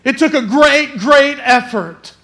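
A man preaching a sermon, swinging between hushed quoted lines and raised, emphatic exhortation. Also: very high-pitched, lively intonation, takes it slowly, gravelly.

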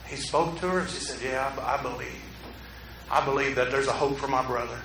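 Bright-voiced preacher in an echoey room. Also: male voice, mid-range voice, fairly even intonation, a little fast, distant mic, a little hiss or hum. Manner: preaching with big swings from quiet to loud. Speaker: pastor. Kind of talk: sermon. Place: room with an audience.

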